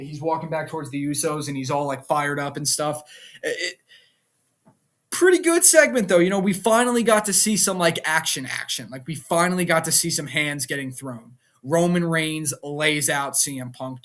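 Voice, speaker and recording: Young man, casual wrestling recap vlog, excitable, rambling, fairly high voice. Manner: rambling, repeats words, acts out quotes with sudden jumps in pitch. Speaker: wrestling reaction vlogger.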